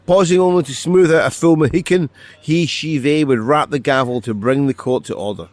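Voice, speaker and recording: A middle-aged author reading from his novel and chatting as a guest, wry and quick to correct himself, recorded outdoors by a street. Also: fairly high pitch, no echo. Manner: dry, wry and self-correcting. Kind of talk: reading aloud from a novel, then casual conversation.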